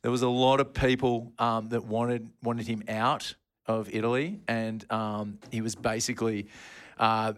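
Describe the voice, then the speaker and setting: A man's voice: mid-range voice, little pitch movement, measured pace, clean tone. A man co-hosting a casual sports podcast, telling a long story in a rambling way and laughing at his own slips. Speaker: podcast co-host.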